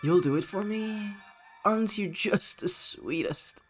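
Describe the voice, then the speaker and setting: A man's voice: high-pitched, measured pace, over music, pitched above the performer's own voice. A man voicing a fussy cooing spirit who lost her stars, reading game dialogue aloud in a pitying, sing-song way. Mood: pitying, sweet.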